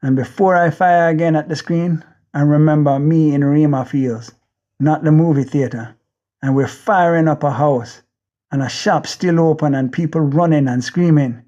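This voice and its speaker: Jamaican male audiobook narrator, fairly high voice, intense first-person read with driving repetition, slightly dull lo-fi audio. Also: normal speed, mellow.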